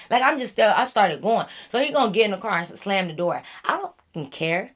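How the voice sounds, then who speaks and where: A woman's voice: fairly high pitch, fairly quick. A young woman vlogger telling a casual story, blunt and profane, acting out what her friends said. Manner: animated, blunt, profane, acts out quoted friends.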